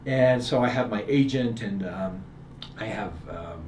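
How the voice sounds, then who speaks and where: Middle-aged man telling a lively story. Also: on the low side, a little slow. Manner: animated storyteller acting out dialogue. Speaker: guest author. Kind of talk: storytelling in a conversation. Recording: echoey room, faint ambient noise.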